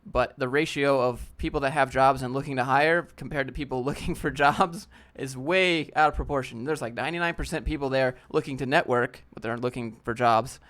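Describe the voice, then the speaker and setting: A man talks casually on his live stream, reading chat questions and answering them bluntly. He drops slang like "fam" and "dude" while critiquing a viewer's portfolio. His voice sits at an ordinary middle pitch. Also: fairly quick, hardly any pauses, a bit bright. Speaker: livestream host. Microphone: desk setup with a DSLR camera.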